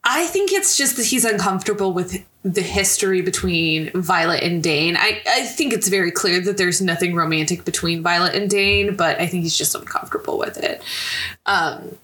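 Bright-voiced woman recapping a book. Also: on the low side, moderate pace. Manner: chatty recapping, laughs often. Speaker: podcast co-host. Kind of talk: casual book chat.

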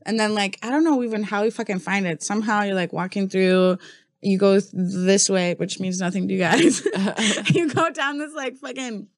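A woman tells a rambling story on a podcast in a loose, casual way. She swears freely and breaks into giggles often. Her voice sits at a middling pitch, and the recording is dry and close. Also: normal speed, no echo. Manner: loose, profane storytelling with frequent laughter. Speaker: podcast co-host. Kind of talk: casual chat.

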